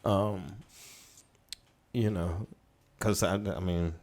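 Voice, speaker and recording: A middle-aged man, a studio owner casually telling stories as a podcast guest with relaxed, rambling anecdotes. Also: low-pitched, extremely slow. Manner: relaxed, rambling anecdotes, laughing as he tells them. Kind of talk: casual storytelling in a podcast interview.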